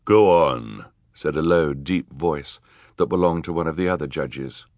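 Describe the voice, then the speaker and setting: A man reading an audiobook aloud in a measured, wry storytelling manner. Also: extremely low pitch, steady tone, a little mellow, no room sound. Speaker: audiobook narrator. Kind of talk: scripted narration.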